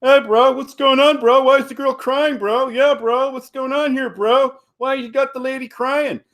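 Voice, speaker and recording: A man's voice: very high voice, steady tone, moderate pace, a bit bright, voice pushed up. A man voicing a meddling young male bro who jumps in as a white knight, in a mocking drawl.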